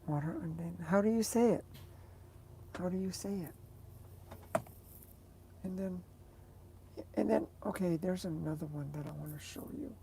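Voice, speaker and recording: A woman's voice: lowish voice, normal speed, gravelly, pauses often, noisy background. A woman vlogger chatting casually to her viewers, rambling and hesitant as she searches for words.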